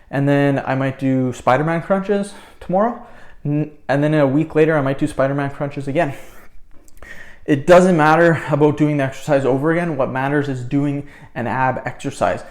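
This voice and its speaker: A young man, a fitness vlogger, talking casually to the camera between sets, out of breath as he counts his reps. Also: on the high side. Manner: counts reps, breaks off to chat. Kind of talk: casual talk to camera during a workout.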